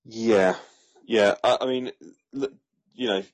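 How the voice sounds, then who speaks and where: A man's voice: fairly low pitch, fairly even intonation, takes it slowly. A man casually reviewing a film, talking with many fillers and restarts. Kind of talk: casual chat.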